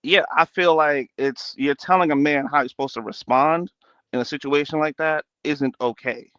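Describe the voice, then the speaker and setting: A man's voice: fairly high pitch, moderate pace, a bit bright, clean tone, dry recording, muffled recording. A man arguing as a guest over a video call, defensive, repeating himself and stammering. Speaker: debate guest. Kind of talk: heated live-stream debate.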